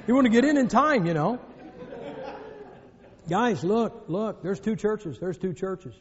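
With a faint crowd audible, a northern U.S. man gives a sermon in a high, expressive voice, taking his time. He tells jokes and stories with emphatic delivery, recorded in an echoey hall on dull lo-fi audio.

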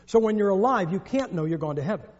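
Speaking fast and animated in a high register, a northern U.S. preacher delivers a sermon full of jokes and stories, stressing his points emphatically. The recording is lo-fi and dull, made in an echoey hall.

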